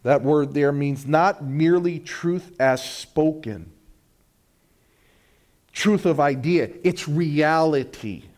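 A middle-aged male pastor preaching a sermon, swinging between loud, slow declarations and hushed, drawn-out lines. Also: a little high.

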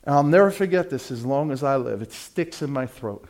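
Fervent preacher, loud peaks and hushed lows. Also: male voice, animated, brisk. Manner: swings from loud fervent peaks to low quiet storytelling. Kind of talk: sermon.

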